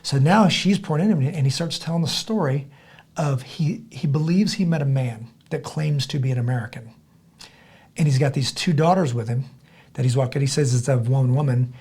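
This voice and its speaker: A middle-aged man on a podcast tells a story in an animated way, doing other people's voices and often restarting or repeating words. His voice is medium in pitch, a little fast, and has a breathy edge.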